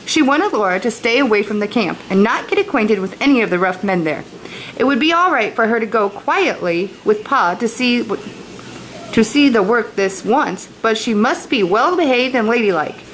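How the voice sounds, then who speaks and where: A woman's voice: mid-range voice, a little hiss or hum, rough recording. A woman teacher at home reading a novel aloud to her students, stopping for chatty asides that explain words. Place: at home, kitchen nearby.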